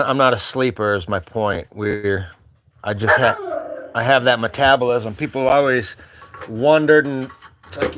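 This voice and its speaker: Slow-talking wry American man, dry mic. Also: medium pitch, fairly bright tone, no echo. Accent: Upper Midwest American. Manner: rambling and wry, talking to his dogs. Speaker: vlogger. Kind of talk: casual chat. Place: remote cabin.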